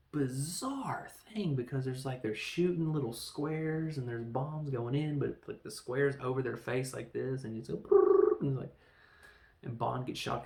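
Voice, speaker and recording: Man, podcast host, casual film recap, gravelly voice, roomy echo, rambling delivery. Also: medium pitch, a little mellow. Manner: rambling, acts out characters in quick voices. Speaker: podcast host reviewing films. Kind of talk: casual film review monologue.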